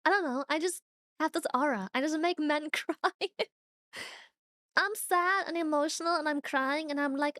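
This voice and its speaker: A young woman with a high voice chats with her stream viewers in a lively, unfiltered way. She swears freely and breaks into laughter often. The sound is close and dry. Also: normal speed, no echo. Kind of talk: casual chat reacting to viewers.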